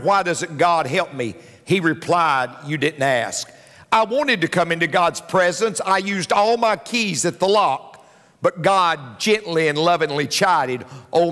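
A man's voice: fairly high pitch, bright, forceful tone, long reverb tail. A male pastor preaching a sermon, emphatic, repeating key lines.

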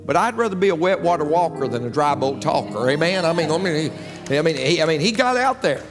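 A man's voice: on the high side, animated, brisk. A man preaching a sermon as pastor, telling folksy jokes and calling out for amens to his congregation. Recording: long hall reverb with faint music.

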